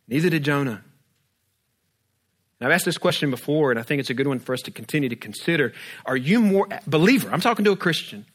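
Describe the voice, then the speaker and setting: Preaching man with a higher voice. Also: a bit bright. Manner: rhetorical questions, humorous everyday asides. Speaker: pastor. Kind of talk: sermon.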